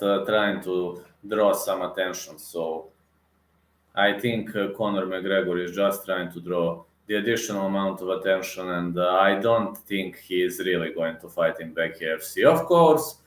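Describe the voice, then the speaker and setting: Low-voiced man ranting in a roomy room. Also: steady tone, a little slow, a bit bright. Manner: repetitive, emphatic, many fillers and restarts. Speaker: MMA reaction vlogger. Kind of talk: heated casual rant to camera.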